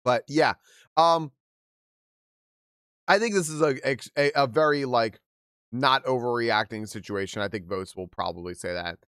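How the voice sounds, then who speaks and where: A man's voice: mid-range voice, measured pace, pauses often, fairly bright tone, smooth, no echo, clean studio sound. A young man hosting a livestream, reading a post aloud and reacting in casual chat, laughing often and restarting his sentences. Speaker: livestream host.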